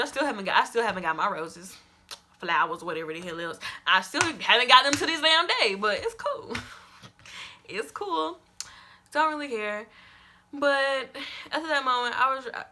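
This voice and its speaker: A young woman vlogger telling a story-time tale to her viewers, dramatic and animated, calling out to them as y'all. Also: on the high side, normal speed.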